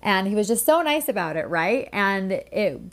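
A woman's voice: mid-range voice, normal speed. A woman co-hosting a podcast, telling a story in a casual chat and acting out the quotes. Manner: lively storyteller, acts out quotes. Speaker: podcast co-host.

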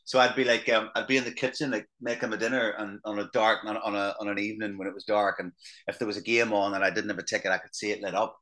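An Irish actor chatting as a podcast guest, telling anecdotes in a loose, swearing conversational way. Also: male voice, on the low side, level tone, fast, sharp tone. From Ireland. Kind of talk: casual podcast chat.

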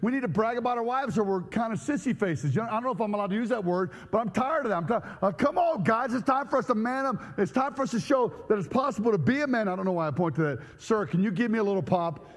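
Male preacher, high voice, jokey and energetic with the crowd, long hall reverb. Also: fast, few pauses. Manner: joking, energetic, banters with the audience. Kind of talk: humorous sermon to a live congregation.

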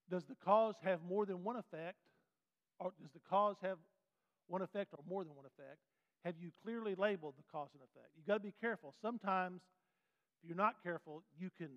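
A man with a high voice teaches a classroom Bible lesson, folksy and animated, often asking the class questions. The sound is dull and muffled. A long reverb trails each phrase, as in a large hall.

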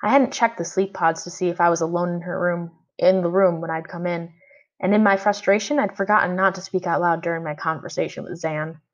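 A woman reading a children's storybook aloud, narrating in first person with expressive delivery. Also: on the low side, fairly quick. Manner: expressive, voicing a frustrated boy in first person. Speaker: audiobook reader. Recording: dull lo-fi audio.

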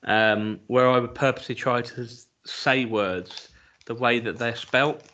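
A laid-back man co-hosting a podcast in casual chat, with a dry, self-mocking humour. His voice sits at an everyday pitch. The audio is a little dull and lo-fi. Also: fairly even intonation, a little slow, pushed and bright. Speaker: podcast co-host.

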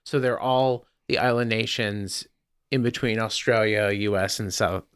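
A man's voice: lowish voice, fairly even intonation, a little slow, fairly bright tone, clean tone. A man co-hosting a casual podcast, running a word-guessing game and teasing the others. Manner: playful, teasing quiz-master. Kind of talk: casual chat.

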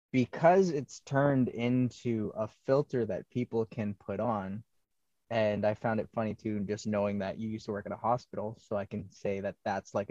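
Low-voiced man host, dry lo-fi sound. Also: no room sound. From Canada. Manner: relaxed, chuckles often, rambling questions. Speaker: podcast host. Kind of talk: casual interview chat.

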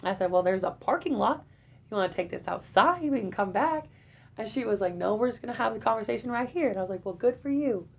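Animated, swearing young woman telling a story. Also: fairly high pitch, fast talker, vocal fry, breathy edge. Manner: animated, profane, laughing. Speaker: guest. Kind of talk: casual storytelling. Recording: dull lo-fi audio.

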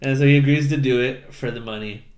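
A man's voice: medium pitch, fairly even intonation, quick pace, darkish tone. Young guy on a podcast, giggles a lot, swears, acts out scenes, roomy echoey sound. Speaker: podcast co-host. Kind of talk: casual chat recapping a movie. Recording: roomy echo.

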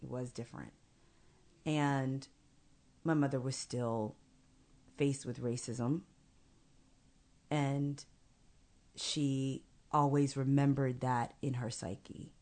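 A woman with a notably low voice shares a family story in an interview. She speaks earnestly and deliberately, stretching key phrases for emphasis. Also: fairly even intonation, a little mellow. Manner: earnest, measured, slows for emphasis. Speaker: guest. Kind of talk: personal storytelling in conversation.

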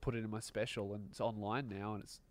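A man's voice: fairly low pitch, little pitch movement, fast, dry recording. A man hosting a comedy podcast, laid-back and sweary, telling anecdotes. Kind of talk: casual chat.

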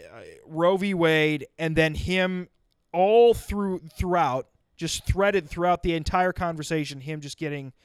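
Clear-voiced man telling a comic story. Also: a little high, dry recording, clean studio sound. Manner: animated, acts out quoted voices, swears casually. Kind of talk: storytelling comedy monologue.

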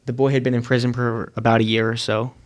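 A man telling a moving story in a sermon, measured and earnest, with dramatic pauses. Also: medium pitch, little pitch movement. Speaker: speaker.

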